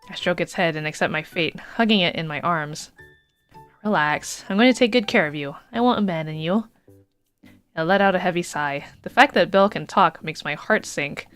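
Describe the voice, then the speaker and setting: A woman's voice: lowish voice, fairly bright tone, clear, resonant tone. Playful woman streamer reading a game aloud, faint music underneath. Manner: playful, laughs between lines. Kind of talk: reading a dating game aloud with casual asides.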